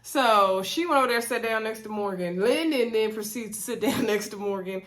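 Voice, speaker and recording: A woman's voice: a little high, normal speed. Chatty woman recapping a reality show. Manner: animated, gossipy, acts out quotes.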